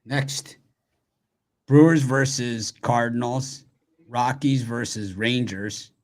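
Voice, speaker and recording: A man's voice: mid-range voice, fairly even intonation, slow. A man hosting a live sports picks show, riffing jokily and repeating names for laughs as he runs through games.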